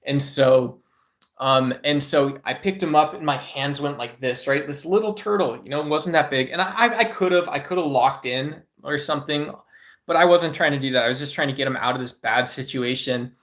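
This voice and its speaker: A man's voice: a little high, normal speed, a bit bright. Rambling man chatting on stream. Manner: rambling, with frequent filler words and tag questions. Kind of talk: casual livestream talk to chat.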